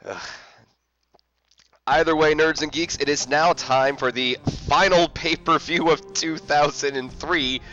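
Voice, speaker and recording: A man's voice: a little high, steady tone, a little slow, bright, forceful tone, muffled recording, faint music behind. A man giving casual video game commentary as a let's play host, rambling and self-mocking with many fillers.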